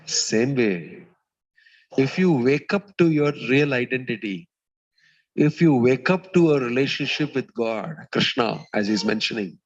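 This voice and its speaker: A man gives a sermon in a community hall and tells a homely parable at an unhurried pace. His voice sits at a middle pitch for a man. The recording is dull and lo-fi. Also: animated. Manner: storytelling, acts out quoted voices, pauses with "uh". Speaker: swami giving a spiritual talk.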